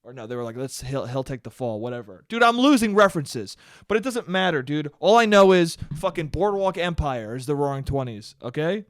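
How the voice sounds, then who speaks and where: A young man hosting his own podcast, ranting alone in a casual, profane, animated way and calling listeners "dude.". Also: fairly high pitch, a little fast, few pauses, clear, resonant tone, no room sound, clean studio sound. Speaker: podcast host. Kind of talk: solo podcast rant. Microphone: studio mic he checks the levels on.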